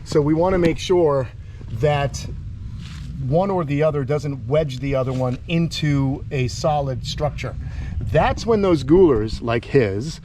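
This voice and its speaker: Chatty excitable man, fairly high voice. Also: a little slow, slight background noise. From Long Island, New York. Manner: chatty, excitable, rambling with many fillers. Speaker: host, tortoise keeper. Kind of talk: casual vlog commentary. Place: outdoors by a tortoise enclosure.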